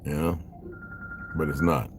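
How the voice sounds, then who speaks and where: A man's voice: a bass voice, steady tone, unhurried. A man vlogging from his car, talking in a blunt, profane, rambling way in a casual monologue. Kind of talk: casual monologue while driving. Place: inside a car. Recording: noisy car interior.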